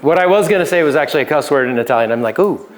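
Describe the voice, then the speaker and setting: A male pastor with a notably high voice teaches a seminar on relationships. He talks casually and jokes with his listeners. He laughs often and keeps checking in with a quick "right?". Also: expressive. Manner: conversational, keeps asking "right?".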